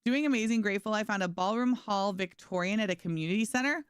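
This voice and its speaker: In clean studio sound with no room sound, a young woman streams a game and talks fast in a clean-toned, mid-range voice. Bubbly and casual, she chats with her viewers and her dog, using "like" constantly.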